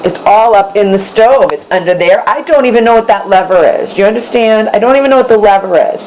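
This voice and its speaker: A woman vlogs from her home kitchen in a rambling, exasperated way, circling back to the same points. Her voice sits at a middle pitch. The recording sounds a little muffled, with a faint hum underneath. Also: quick pace, darkish tone. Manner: rambling, repeats herself, exasperated. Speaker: vlogger. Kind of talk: casual vlog monologue. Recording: slightly dull, faint background hum.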